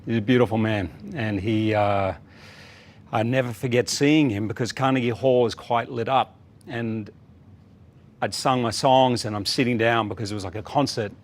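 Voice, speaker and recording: A man with an Australian accent, a guest in a casual interview, telling a story with lively acted quotes. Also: mid-range voice, normal speed. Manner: animated storyteller, acts out quotes. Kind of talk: casual chat.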